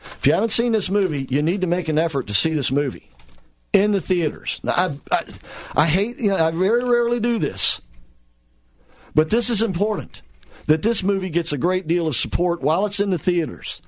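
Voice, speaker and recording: A man's voice: sits high, expressive, fairly quick. A man hosting political talk radio, speaking in a sarcastic, heated way with many restarts and repeated words.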